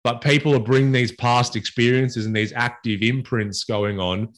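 A man co-hosting a podcast, telling a story casually with a relaxed, rambling manner. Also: medium pitch, moderate pace. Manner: relaxed, rambling anecdotes with fillers. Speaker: podcast co-host.

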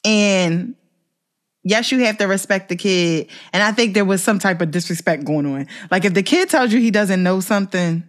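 A young adult woman, a teacher, chatting casually and telling animated stories, acting out voices and laughing often. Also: moderate pace. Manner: animated storyteller, acts out voices with big pitch jumps; laughs often mid-story. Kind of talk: casual chat.

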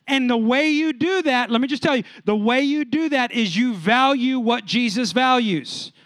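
A male pastor with a high-pitched voice delivering an emphatic sermon. He repeats his points and calls out to the congregation. The sound is dry and close. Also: moderate pace, fairly bright tone, no room sound.

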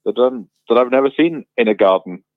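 A man's voice: medium pitch, expressive, fairly quick, no echo. A man chatting casually on a radio show over a phone line, telling jokey everyday stories. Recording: tinny phone line, dry.

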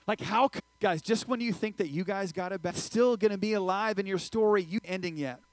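Male pastor mid-sermon, playful and animated, close dry mic. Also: high-pitched, fairly quick, no echo, low-quality recording. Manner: lively, joking, swings loud and quiet.

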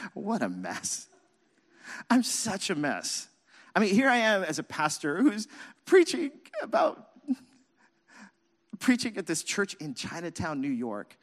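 A man preaching as a pastor, telling a self-mocking personal story with lively, animated delivery. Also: sits high, slow, pauses often. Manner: animated, self-mocking, acts out his own past shouting. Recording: reverberant hall.

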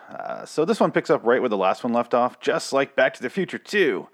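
A man's voice: on the low side, sing-song, fast, few pauses. A man hosting a casual TV review, rambling, swearing freely and correcting himself as he goes. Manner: rambling, profane, self-correcting. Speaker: host of a TV review show.

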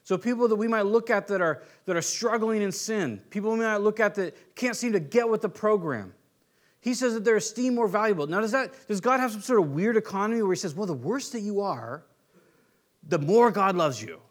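A man preaching a sermon in a conversational way, acting out little everyday scenes with quick playful voices. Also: high-pitched. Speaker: pastor. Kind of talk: sermon teaching.

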